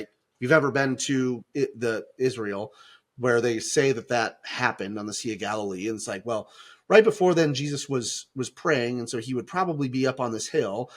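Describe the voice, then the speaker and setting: A middle-aged man co-hosting a casual faith podcast, talking in an animated way with restarts and acted-out quotes. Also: medium pitch. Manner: animated, acts out quoted voices, many restarts. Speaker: podcast co-host.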